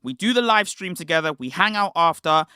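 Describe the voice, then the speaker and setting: Bright-voiced young British man on a stream. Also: a little high, lively intonation, clear, resonant tone, dry recording, clean studio sound. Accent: British English. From Britain. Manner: rambling, slangy, quick restarts. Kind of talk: casual livestream storytelling.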